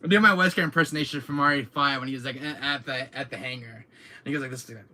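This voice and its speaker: A man hosting his own channel, chatting casually to viewers in an excitable, rambling way, often laughing and repeating himself. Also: medium pitch, fast talker. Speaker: channel host. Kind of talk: casual vlog chat to viewers. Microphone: camera mic, seated in chair.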